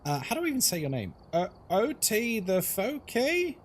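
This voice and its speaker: A chatty man hosts a live stream, greeting viewers one after another between casual asides and frequent laughs. His voice sits a little high for a man. A faint hum of ambience runs behind him. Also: huge pitch swings, moderate pace. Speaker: horror game streamer.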